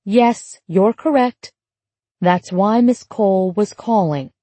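Woman reading stern mother, pointed questions, warm, breathy. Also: mid-range voice, slow, no echo. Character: brisk adult mother scolding her daughter.

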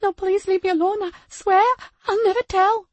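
A woman voicing a terrified little girl who pleads in a shaky, high baby voice. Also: fairly even intonation, moderate pace, no room sound. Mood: pleading.

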